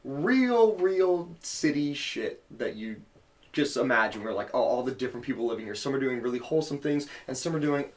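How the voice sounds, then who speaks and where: A man's voice: mid-range voice, lively intonation, brisk. A young man co-hosting a podcast in casual chat, talking loosely with lots of fillers and restarts. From Cleveland area. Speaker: podcast co-host.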